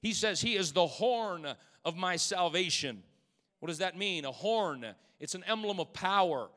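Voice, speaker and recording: A man preaching a sermon as pastor in a church, swinging between loud exclamations and hushed asides and calling out to the congregation. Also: high-pitched, animated, unhurried. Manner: calls out to the congregation. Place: church sanctuary. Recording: long church hall reverb.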